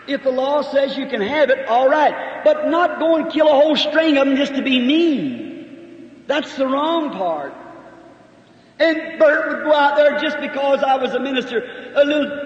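A very high-pitched man preaches in an earnest, folksy storytelling manner. His voice carries from far off in a big hall with a long echo. The old recording sounds muffled and dull. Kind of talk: storytelling sermon.

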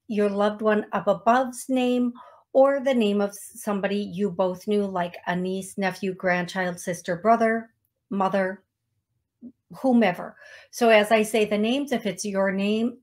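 A woman's voice: mid-range voice, a little mellow. A woman hosting a psychic medium live stream, chatting with viewers and calling out names and songs in a casual, self-deprecating way. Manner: slow, chatty, self-deprecating with small laughs. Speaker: psychic medium show host. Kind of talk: live-stream talk show, reading out names.

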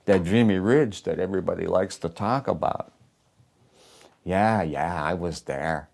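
A man's voice: deep voice, unhurried, creaky, a little mellow, full character voice. A man playing a bitter, haunted old working-class war veteran who talks coarse, profane and ungrammatical in a theatrical stage monologue. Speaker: stage performer in a one-man play.

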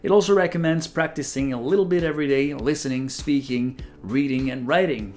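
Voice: medium pitch, a little fast, few pauses, a little mellow, soft background music. A product reviewer demonstrating a translation device, switching between several languages as they test it.

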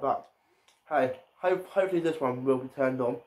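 A man's voice: medium pitch, normal speed, darkish tone. A man giving casual let's-play commentary as a gaming YouTuber, often stumbling and repeating his words.

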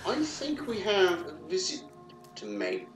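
A man hosting a let's play, commenting on the game in a jokey, animated way with frequent exclamations. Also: high-pitched, unhurried, reverberant, over music. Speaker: gaming host.

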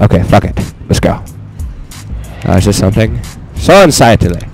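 Profane, excitable young man gaming. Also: sits low, moderate pace, music in the background. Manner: profane, excitable, talks to himself while playing. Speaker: let's play gamer. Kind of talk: let's play commentary.

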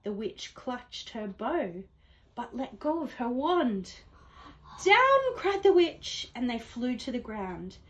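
A woman, a teacher, reading a rhyming picture book aloud to children at home in a gentle, expressive way. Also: on the high side, slow pace, muffled recording. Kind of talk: read-aloud storytelling for children.

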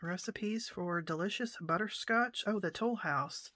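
A woman chatting through an unboxing of her mail haul, softly spoken, often exclaiming in delight and sometimes slipping into a whisper. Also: lowish voice, unhurried, slight background noise. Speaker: vlogger showing a mail haul. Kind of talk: casual unboxing chat.

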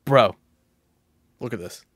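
A man in his thirties streaming casual reaction commentary. He is excitable and jumps between shouting and muttering. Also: slow. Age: 30s. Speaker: live streamer.

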